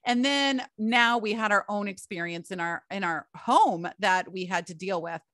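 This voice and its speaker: Woman, middle-aged, podcast host, chatty storytelling, bright voice, dry close sound. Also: mid-range voice, normal speed, no room sound. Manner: chatty, storytelling, addresses listeners as "you guys" and "y'all". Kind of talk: solo podcast monologue.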